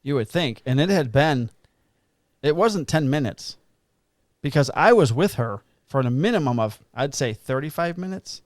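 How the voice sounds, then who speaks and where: A man's voice: mid-range voice, expressive, moderate pace, no room sound, clean studio sound. A middle-aged man, a police officer co-hosting a podcast, tells a rambling work story in casual chat and swears freely. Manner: rambling, profane anecdote telling.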